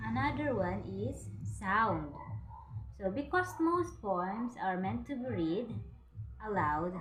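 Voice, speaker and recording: A woman's voice: medium pitch, roomy sound, noisy background. A woman with a Filipino accent teaching a literature lesson, starting most lines with "so" and slipping into Tagalog asides.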